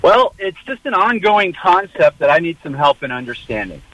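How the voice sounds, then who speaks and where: A man's voice: fairly high pitch, sing-song, normal speed, fairly bright tone, no echo. A man calling in to a radio show, asking a question in a hesitant, searching way with many fillers. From California. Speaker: caller. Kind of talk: phone-in question. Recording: dull dry phone line.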